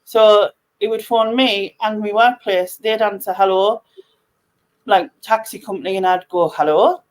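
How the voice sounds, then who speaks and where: A woman's voice: mid-range voice, steady tone, normal speed, low-quality recording. A woman with a Sunderland accent runs a casual chat on a video call. She is a chatty, giggly storyteller, talking from home. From North East England. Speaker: channel host.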